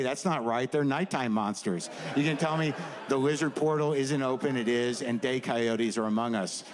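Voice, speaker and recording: A man's voice: mid-range voice, moderate pace. A man doing a stand-up set, rambling and self-doubting, bluntly honest in his asides. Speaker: stand-up comedian. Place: comedy stage with a laughing audience. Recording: live room noise.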